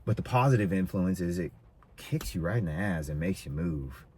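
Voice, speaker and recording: A middle-aged man hosting a casual podcast chat, animated, sometimes acting out quotes with sudden high voices. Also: moderate pace, slight background noise. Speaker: podcast host.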